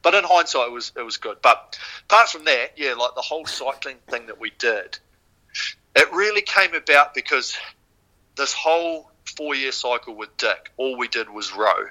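A man's voice: mid-range voice, normal speed, low-quality recording. A man from New Zealand with a New Zealand accent, a podcast guest telling a story casually and swearing freely. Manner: swears freely, animated retelling. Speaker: podcast guest, former rower.

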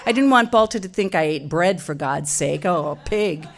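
A middle-aged woman from Wisconsin, telling a comic personal story in an animated, self-mocking way. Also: moderate pace. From Wisconsin, USA. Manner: animated, self-mocking, jumps into loud high quoted voices.

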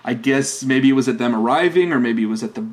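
A man's voice: mid-range voice, fast, a little mellow. A man co-hosting a podcast, discussing a film in a casual, chatty way with frequent laughs and fillers. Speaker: podcast co-host.

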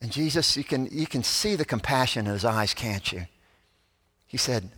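A man preaching a sermon as pastor, moving between loud animated passages and soft, hushed ones. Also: fairly low pitch, a little slow, slightly rough, big-room sound.

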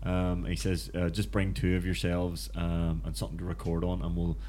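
A man's voice: deep voice, completely flat delivery, normal speed, warm tone, slight background noise. A man with a Belfast accent co-hosting a podcast, chatting casually and rambling with lots of restarts. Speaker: podcast co-host. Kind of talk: casual chat.

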